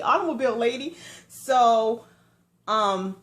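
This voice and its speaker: Animated slangy woman telling a storytime. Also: mid-range voice, normal speed. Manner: animated storytelling with lively asides and sudden hushed or loud turns; slangy conversational talk. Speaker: vlogger. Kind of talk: casual storytime vlog.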